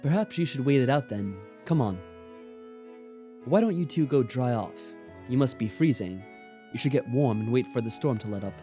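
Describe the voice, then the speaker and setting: A man reads out a well-mannered rich host of a grand house, polite and unhurried, his delivery sliding up and down in pitch with lively movement. The reading stays near the performer's everyday voice, with soft game music faintly behind. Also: close to an everyday voice. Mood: polite, composed. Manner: tries for posh but stays near own voice. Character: wealthy male mansion owner, courteous and composed. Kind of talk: let's play reading of a visual novel.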